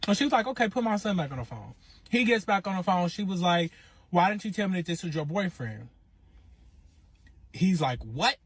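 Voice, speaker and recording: A man telling his own relationship story in casual, animated storytime style, acting out quotes. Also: high-pitched, breathy edge, dry recording. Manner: animated, acts out quotes in raised voice.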